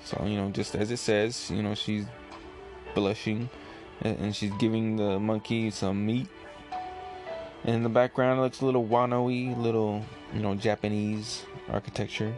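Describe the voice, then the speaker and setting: A man with a fairly low voice talks through a comic chapter in a loose, rambling way, filling gaps with "you know" and "like". Faint music plays softly underneath him. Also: normal speed. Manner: relaxed, rambling, many fillers. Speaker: comic reviewer. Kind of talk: casual chapter review.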